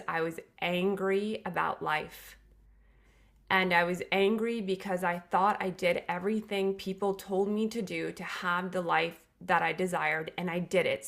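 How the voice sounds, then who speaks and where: A woman's voice: mid-range voice, creaky, fairly bright tone. A middle-aged woman, a podcast guest, telling a personal story in an earnest, reflective way with emphatic restarts.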